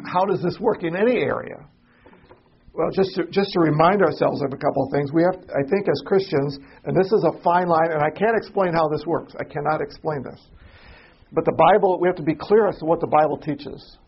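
A man teaching an adult Sunday school class in a church classroom, halting and repeating himself as he puts questions to the class. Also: on the high side, highs cut off, slight background noise. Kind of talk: informal Bible class teaching.

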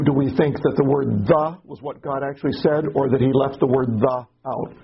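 A man teaching a study group with a gravelly, very husky voice, talking haltingly and often repeating himself. He poses rhetorical questions to his listeners. The recording is dull and lo-fi. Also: medium pitch. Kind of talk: casual classroom teaching.

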